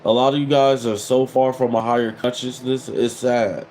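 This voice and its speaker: A man's voice: medium pitch, little pitch movement, normal speed, a little mellow, slight background noise, rough recording. A man in his thirties hosting a casual livestream, reading viewer comments and mocking them with repeated catchphrases. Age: 30s. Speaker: livestream host.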